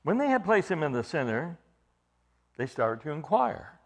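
A male preacher delivering an expository sermon in a fairly high voice that swings widely in pitch. He talks emphatically, repeats phrases to drive points home, and puts pointed questions to his listeners. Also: big pitch swings, moderate pace.

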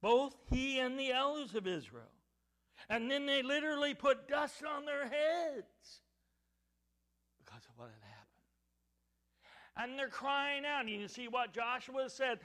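A man preaching with a bright, ringing tone and a wide, rising and falling pitch. He leans on rhetorical questions, booming some lines and dropping to a hush on others, and he keeps an unhurried pace. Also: sing-song. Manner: rhetorical questions, swings between loud emphatic and hushed. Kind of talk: sermon.

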